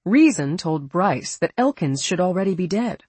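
An audiobook narrator reading a science fiction story in a steady voice. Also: medium pitch, normal speed, slightly rough, no echo. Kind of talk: scripted narration.

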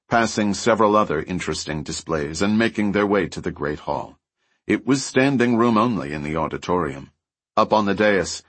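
Male audiobook narrator, low husky voice, animated delivery, dry studio sound. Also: no echo. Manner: lively storytelling, voices characters lightly. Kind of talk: scripted narration.

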